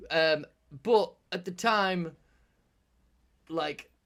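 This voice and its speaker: A man's voice: high voice, drawn-out words, fairly bright tone. A man co-hosting a podcast, chatting casually, rambling with restarts and casual swearing. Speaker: podcast co-host. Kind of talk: casual chat.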